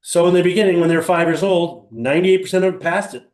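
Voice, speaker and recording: Older man, seminar teacher, animated storyteller, rhetorical questions, small roomy room. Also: high-pitched, fast. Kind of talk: live motivational seminar talk. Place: small room with live audience.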